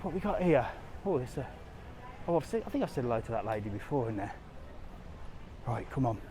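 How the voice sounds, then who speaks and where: A man's sing-song, mid-range voice comes through fairly quickly over background noise as he walks a resort street. He's a travel vlogger and live-stream host running a casual walking tour, chatty and easygoing, talking directly to viewers and reading out their comments.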